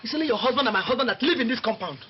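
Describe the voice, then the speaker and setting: A woman's voice: on the high side, expressive, rapid-fire, slight background noise, close to an everyday voice. An actress playing a quarrelsome, hot-tempered woman neighbour with a Nigerian accent, who hurls mocking accusations and threats. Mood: scolding. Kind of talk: film drama acting. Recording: dull lo-fi film sound with music.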